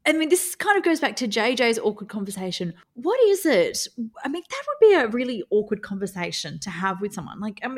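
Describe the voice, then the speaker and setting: A woman's voice: fairly high pitch, big pitch swings, a little fast. A woman co-hosting a podcast, talking frankly with lots of fillers and laughing often. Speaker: podcast co-host. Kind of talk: casual review chat.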